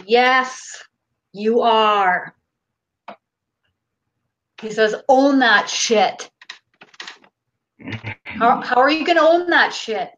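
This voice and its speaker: A woman's voice: fairly high pitch, lively intonation, takes it slowly, long pauses, a bit bright, slight background noise. A Canadian woman hosting a live channeling session, reading viewer questions aloud in a casual, unfiltered way. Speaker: host.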